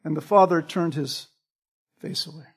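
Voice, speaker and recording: A man's voice: fairly high pitch, normal speed, husky. A man preaching a sermon. He quotes scripture by chapter and verse and stresses key phrases by repeating them.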